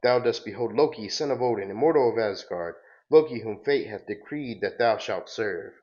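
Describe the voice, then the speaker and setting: A man's voice: fairly low pitch, animated, normal speed, natural voice. A man reading aloud as a scheming, arrogant male trickster god in archaic comic-book speech, on a dull lo-fi recording.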